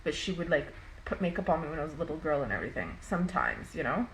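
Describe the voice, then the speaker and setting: A woman's voice: deep voice, very animated, fast, a little hiss or hum, poor audio. A young adult woman vlogging to camera, telling a personal story in a rambling, emotional way with some swearing.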